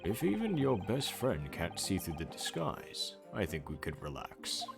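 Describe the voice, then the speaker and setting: A man voicing an older father and professor who speaks slowly and quietly in a lowered voice over game music. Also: wildly swooping pitch, creaky, exaggerated voice. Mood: sly. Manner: slow, low, hushed delivery.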